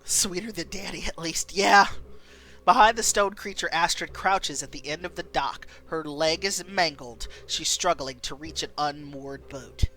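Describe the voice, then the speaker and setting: A woman streamer reading a story game aloud, expressive and playful, reacting as she goes. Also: sits low, unhurried.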